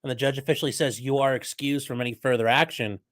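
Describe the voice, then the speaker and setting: A man commentator drops sarcastic little asides while a court hearing plays. His voice sits at an ordinary pitch, and his tone stays dry and wry. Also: steady tone, fast talker, fairly bright tone. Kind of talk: sarcastic commentary over footage.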